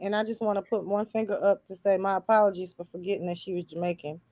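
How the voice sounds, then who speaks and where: A woman's voice: medium pitch, steady tone, fast talker, mellow, dry recording. A woman co-hosting a casual recap chat, blunt and sassy, full of slang. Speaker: podcast co-host.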